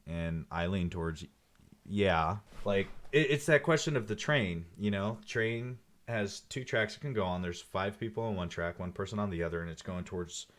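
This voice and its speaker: This is a man with a deep, low-pitched voice talking casually with a friend about a TV episode. He retells scenes with animated energy and an easy, conversational flow. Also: normal speed. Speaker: co-host. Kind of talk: casual TV episode review chat.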